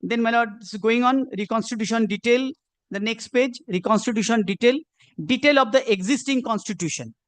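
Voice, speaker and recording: Insistent high-voiced male advocate in court. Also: fairly quick, no room sound. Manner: insistent, repeats "my lord" constantly. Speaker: advocate arguing a case. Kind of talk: courtroom legal argument.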